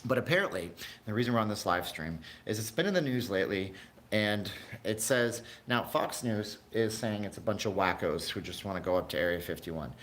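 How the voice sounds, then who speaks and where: A man's voice: on the low side, brisk, a bit bright, slight background noise. A man hosting a casual livestream, chatting in a rambling way, jumping between tangents and talking to his live chat viewers. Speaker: livestream host.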